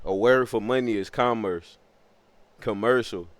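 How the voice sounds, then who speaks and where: A young man streaming, rambling through profane comic musings in an animated, thinking-out-loud way. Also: lowish voice, measured pace, dry recording.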